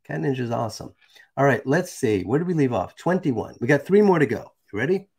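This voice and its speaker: A man's voice: medium pitch, big pitch swings, a little fast, vocal fry, a little mellow, slightly rough. A man hosting a live stream, reading a text aloud and chatting casually with viewers. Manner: casual, chatty, asides to the chat.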